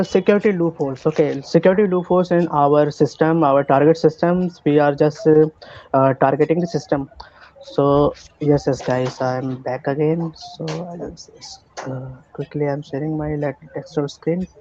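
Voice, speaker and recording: A man with an Indian English accent teaching an online cybersecurity class, halting and full of fillers and restarts. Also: a little high, darkish tone, lo-fi sound. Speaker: cybersecurity instructor. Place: online class by video call.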